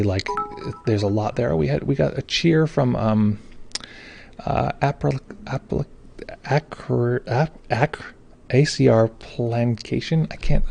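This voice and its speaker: He's a meditation teacher hosting a livestream from home, reading out viewer comments in a loose, rambling way while fumbling names and thanking people effusively. The voice sits in the middle range, gravelly with a darkish tone.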